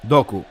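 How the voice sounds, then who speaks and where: Excitable Italian man commentating a match. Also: slight background noise. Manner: excitable, switches into Italian exclamations, talks to chat. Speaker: fan streamer doing live match commentary. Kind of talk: live watch-along match commentary.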